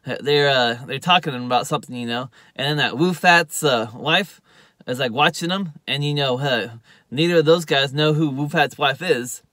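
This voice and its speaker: Recapping a TV episode at a moderate pace, a male reviewer speaks loosely and rambles, leaning on "uh" and "you know," and voices quotes higher and louder. The recording is dry.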